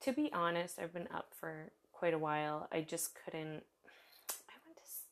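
A woman's voice: low-pitched, lively intonation, moderate pace. A woman hosting her own podcast, chatting in a casual, rambling, self-deprecating way, tired after little sleep. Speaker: podcast host. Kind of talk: casual solo podcast chat.

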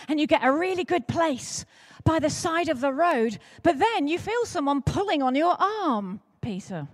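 Animated woman telling a children's sermon. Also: high-pitched, normal speed. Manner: animated, playful, speaks directly to the children. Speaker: preacher at an all-age church service. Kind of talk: lively storytelling sermon for children and adults. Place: church.

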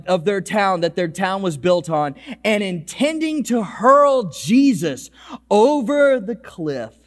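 High-voiced animated male pastor. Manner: animated storytelling, swinging between loud calls and quiet low lines. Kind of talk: sermon. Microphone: microphone.

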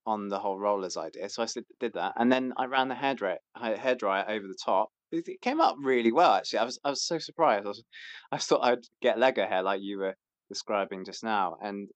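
A man's voice: on the low side, a little fast, no echo. A man, chatting hesitantly as a podcast guest, with many fillers and restarts. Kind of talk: casual chat.

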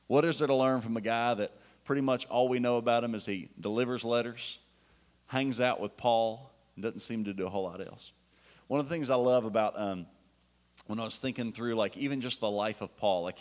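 Male pastor, low-pitched, chatty enthusiastic sermon delivery. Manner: casual, enthusiastic preaching with fillers and restarts.

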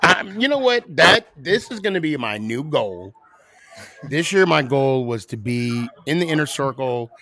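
A man's voice: medium pitch, lively intonation, measured pace, pushed and bright, no echo. A man co-hosting a casual sports talk show, asking curious, joking questions. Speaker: podcast co-host. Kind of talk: casual chat.

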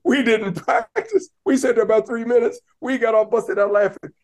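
A man talking casually as a podcast guest, telling lively stories and breaking into raised voices to act out what others said. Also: very high voice, normal speed. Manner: animated, laughing, acts out quotes in raised voice. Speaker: podcast guest, basketball coach. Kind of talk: casual storytelling.

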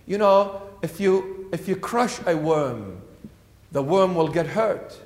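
Male bishop preaching; high, emphatic delivery with rhetorical questions; church hall, roomy and reverberant. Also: expressive, slow pace. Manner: emphatic, repeats phrases, asks rhetorical questions. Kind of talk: sermon.

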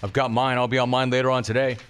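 A man hosting a sports talk radio show, bantering in an animated, mocking, rapid-fire way. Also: medium pitch, slight background noise.

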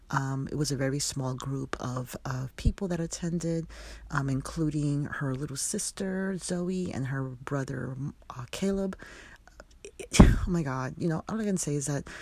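Husky, emotional woman podcast host. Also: extremely low pitch, a little mellow, dry recording. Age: middle-aged. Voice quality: husky, gravelly. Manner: emotional, heartfelt, often drops to a whisper. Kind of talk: casual solo podcast talk.

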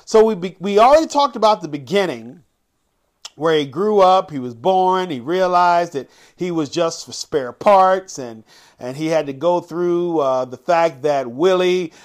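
Guy with a highish voice doing a podcast monologue, slow and dramatic, draws words out then rushes asides. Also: expressive. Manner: dramatic, swings from quick asides to slow drawn-out emphatic phrases. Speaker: podcast host.

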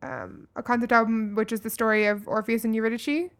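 A woman's voice: on the high side, little pitch movement, fairly quick. A woman co-hosting a casual music podcast, chatting with many ums and restarts. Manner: hesitant, lots of ums and restarts. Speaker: podcast co-host.

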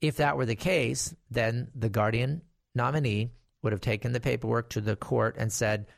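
Explaining guardianship to viewers, a middle-aged estate planning attorney uses a gravelly mid-range voice at a moderate pace with fairly even intonation. His delivery is conversational and story-driven, with emphatic warnings, recorded in studio quality with no room sound.

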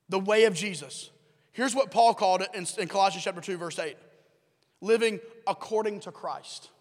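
A pastor with a high, light, fairly bright voice delivers a sermon to his congregation in a church sanctuary. He speaks conversationally, throws questions out to the room, and repeats his key lines, his voice carrying the long reverb of a large hall.

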